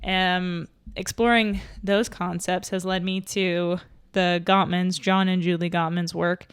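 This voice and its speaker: A woman's voice: on the low side, level tone, measured pace, clear, resonant tone, no echo, studio quality. A young woman hosting a solo podcast, chatting and thinking aloud with fillers and restarts, slightly out of breath. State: a little out of breath. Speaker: podcast host. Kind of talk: casual solo podcast talk.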